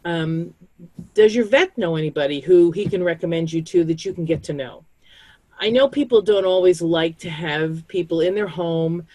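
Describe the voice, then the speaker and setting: A woman's voice: lowish voice, moderate pace, mellow, dry recording. Chatty woman giving pet-care advice. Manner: chatty, acts out quoted voices. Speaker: pet disaster-planning speaker. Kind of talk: community video call, storytelling advice.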